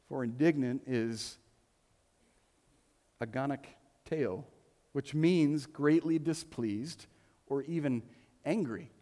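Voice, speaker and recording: A man's voice: fairly high pitch, darkish tone. A man preaching a sermon as a pastor in a church, conversational and joking, with playful asides. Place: church sanctuary. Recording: long reverb of a church hall.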